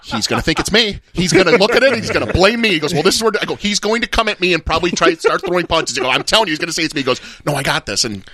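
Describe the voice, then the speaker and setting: A man hosting a casual podcast chat, telling stories quickly and acting out the dialogue. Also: a little high, expressive, bright, forceful tone. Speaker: podcast host.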